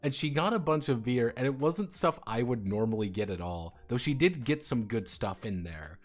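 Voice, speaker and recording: A man's voice: mid-range voice, expressive, moderate pace, faint music behind. A man streaming live, chatting casually and ranting with lots of swearing and jokes. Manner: profane, ranting, jokey.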